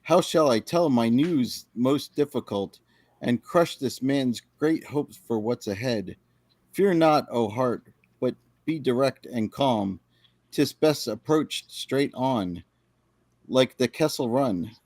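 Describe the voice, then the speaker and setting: A man's voice: medium pitch, animated, slow pace, darkish tone, no echo. A man reading a roguish male space smuggler in Shakespearean-style verse. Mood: resolute.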